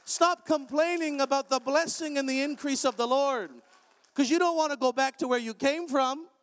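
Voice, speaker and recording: A man preaching an energetic sermon in a large church, animated and joking with bursts of shouting. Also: extremely high pitch, moderate pace. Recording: long hall reverb.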